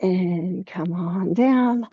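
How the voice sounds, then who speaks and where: A woman teaching a yoga class, giving slow, calm cues with soft laughs between poses. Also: fairly low pitch, slightly rough, dry recording, narrow, tinny audio. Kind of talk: guided yoga class instruction.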